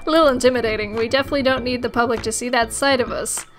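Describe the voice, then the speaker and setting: A woman voicing an anxious, bossy female office manager who scolds in a halting, stern way. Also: fairly high pitch, steady tone, over music, lightly acted. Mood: nervous lecturing.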